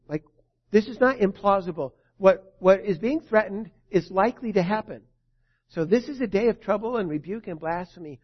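A male pastor preaching a sermon in an earnest way, moving between soft and emphatic. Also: sits high, normal speed, husky. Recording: dull lo-fi recording.

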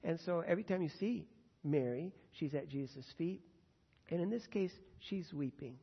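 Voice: mid-range voice, expressive, normal speed, husky, big-room sound, muffled recording. A pastor teaching verse by verse through a Bible passage in a conversational, earnest way, with frequent fillers.

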